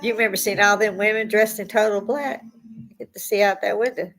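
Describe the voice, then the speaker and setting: A woman's voice: mid-range voice, fairly even intonation, brisk, fairly bright tone, soft background music, rough recording. A woman in her sixties from the United States, delivering a blunt, profane, riled-up opinion monologue with sudden outbursts. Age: 60s. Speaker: vlogger.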